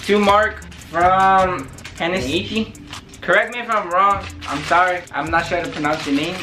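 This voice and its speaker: An excited young man opening packages at home, chatting in quick slang and thanking his viewers. His voice sits a little high for a man. Music plays clearly underneath him. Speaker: YouTuber. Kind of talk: unboxing vlog.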